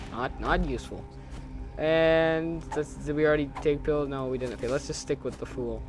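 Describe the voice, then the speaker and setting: A young man with a fairly high voice talks through a video game in a loose, rambling way. He corrects himself often and hums little tunes to himself, with faint music playing underneath. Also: normal speed. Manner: rambling and self-correcting, humming and joking to himself. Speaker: gaming channel host. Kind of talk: casual let's-play commentary.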